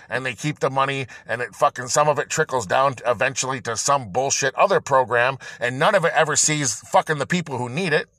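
A man's voice: medium pitch, sharp tone, no echo. A man hosting his own podcast, ranting angrily and heatedly with constant swearing and rambling restarts. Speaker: podcast host. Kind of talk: angry ranting monologue.

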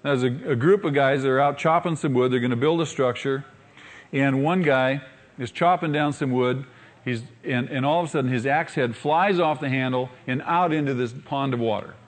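A male pastor preaching a sermon, telling the story with animated voices for the characters and asking the congregation rhetorical questions. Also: mid-range voice, normal speed.

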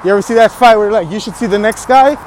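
A man's voice: high voice, fast, slight background noise. A man hosting a podcast, delivering a riled-up, trash-talking motivational rant with bursts of laughter. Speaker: podcast host.

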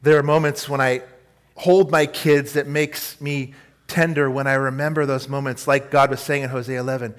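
A man's voice: mid-range voice, flat delivery, normal speed. A middle-aged man preaching a sermon to his congregation, earnest and tender, asking them questions as he goes. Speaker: pastor.

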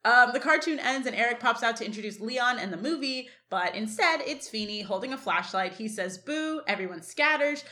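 Animated woman retelling a TV episode. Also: fairly high pitch, a little fast, hardly any pauses. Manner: animated retelling, quotes scenes, laughs often. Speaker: podcast co-host. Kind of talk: casual recap chat.

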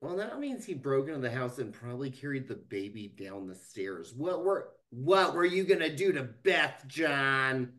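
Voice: medium pitch, lively intonation, moderate pace, few pauses, a bit bright. A podcast co-host reacting to a story with wry quips and laughter. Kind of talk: casual chat.

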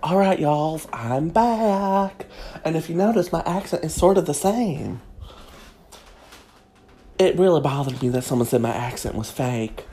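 Comedic host: woman, drawl, sassy mock-prim delivery, slow and mellow, faint background noise. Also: low voice, expressive. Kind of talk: comedic gossip monologue.

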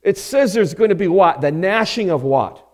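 A man preaching a sermon, emphatic, asking the congregation rhetorical questions and swinging between loud declarations and hushed lines. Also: high-pitched, animated, moderate pace. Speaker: pastor.

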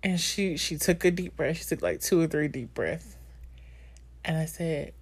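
Low-voiced woman in her thirties, candid. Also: normal speed, husky. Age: 30s. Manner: candid, emotional, laughs often, lots of fillers. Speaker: podcast host. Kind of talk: personal reflective monologue.

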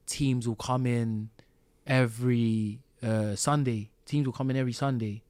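A man chatting as a guest on a podcast, telling his story in loose, slang-filled speech. He acts out the voices of the people in it with lively energy. His pitch sits at an ordinary middle height for a man. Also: a little slow. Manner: slang-heavy, animated storyteller acting out quotes. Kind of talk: casual storytelling chat.

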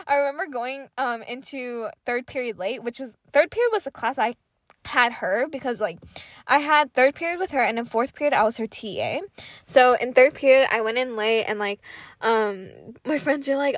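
A teenage woman tells school stories on her podcast, cursing freely and breaking into laughter. Her voice sits high and swings widely as she acts out each moment. The sound is close and dry. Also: moderate pace, no echo. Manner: profane, laughs often, animated retelling. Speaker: podcast host. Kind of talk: casual storytelling monologue.

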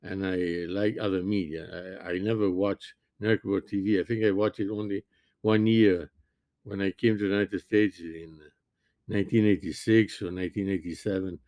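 A man in his sixties, a physician, giving a halting, earnest opinion monologue and often restarting his sentences. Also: low-pitched, steady tone, darkish tone, no room sound. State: sleepy, yawning. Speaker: physician commentator.

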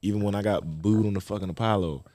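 A man from Baltimore, a comedian guest telling stories in an animated, profane way on a casual podcast. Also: on the low side, quick pace, dry recording, studio quality. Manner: animated storyteller, profane, slips into quoted voices.

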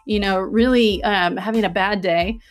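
A woman's voice: medium pitch, fairly even intonation, normal speed, soft background music. A woman hosting a self-help podcast, talking earnestly and coaching her listeners, often checking in with "okay?" and "right?". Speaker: podcast host.

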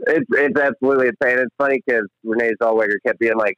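A man's voice: medium pitch, fairly even intonation, quick pace, fairly bright tone, clean tone, no room sound, lo-fi sound. A laid-back man co-hosting a podcast, chatting crudely about a movie. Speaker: podcast co-host. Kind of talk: casual movie-review chat.

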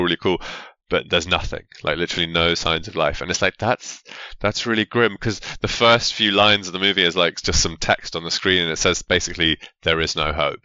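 A laid-back man with a very low voice chats sardonically as a podcast co-host, swearing freely. His tone is bright and smooth. It comes through a dull, dry lo-fi mic. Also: no room sound. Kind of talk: casual film-review chat.

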